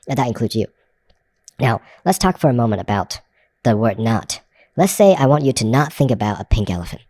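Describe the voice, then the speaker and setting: A man's voice: medium pitch, big pitch swings, brisk, darkish tone, no room sound. A man teaching a recorded course, talking loosely with restarts and frequent "right?", and saying the same phrase several ways to show shifts of tone. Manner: explains in loose spoken runs, many restarts and "right?". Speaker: hypnosis course instructor.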